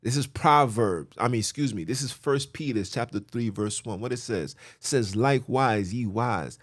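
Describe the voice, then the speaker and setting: A man's voice: mid-range voice, moderate pace, no room sound, studio quality. Emphatic man preaching from scripture. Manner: emphatic, repetitive, blunt and informal. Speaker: podcast host teaching scripture. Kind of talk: preaching, reading and explaining scripture.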